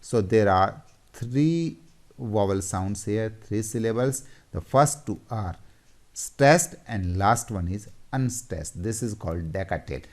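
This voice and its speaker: A man teaching a lesson, explaining slowly and deliberately, repeating terms and pointing at examples on a board. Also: on the low side, lively intonation. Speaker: English teacher.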